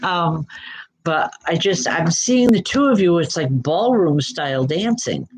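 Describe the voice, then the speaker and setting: Hosting a live show of spiritual readings, this psychic medium reassures viewers by name, checking in with "okay?" amid frequent fillers and restarts. Her voice is lowish, expressive and a little slow, on a low-quality recording with a slight hiss or hum.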